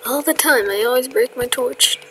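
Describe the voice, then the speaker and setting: A woman's voice: sits high, normal speed, a bit bright, a little hiss or hum, rough recording. A woman giving casual, chatty commentary over her gameplay, self-mocking and often dropping into whispers. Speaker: gamer.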